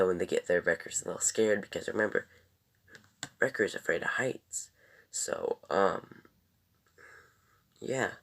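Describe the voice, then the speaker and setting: A man's voice: low voice, vocal fry, a bit bright. A young man giving a casual TV episode review in a rambling, loose way, with many ums and corrections.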